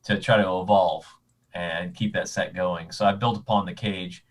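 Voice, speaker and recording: A man chatting casually as a convention guest, telling animated anecdotes with frequent restarts. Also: deep voice, normal speed, low-quality recording. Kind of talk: casual storytelling chat.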